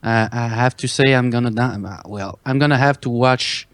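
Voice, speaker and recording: A man calling in to a wrestling show, talking in a slow, halting way. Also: medium pitch, fairly bright tone, no room sound. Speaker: caller. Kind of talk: casual call-in chat.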